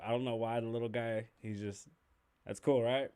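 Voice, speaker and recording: A man's voice: mid-range voice, steady tone, moderate pace, warm tone, clean tone. Loose, joking man hosting a podcast. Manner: loose, joking, chatty, swears freely. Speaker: podcast host. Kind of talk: casual livestream podcast with sponsor read.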